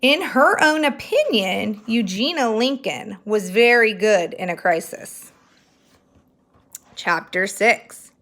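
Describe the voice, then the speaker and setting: Bright-voiced woman teacher reading aloud. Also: mid-range voice, expressive, slow pace. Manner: friendly, explanatory, encouraging. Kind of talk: reading aloud to students on camera. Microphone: handheld camera.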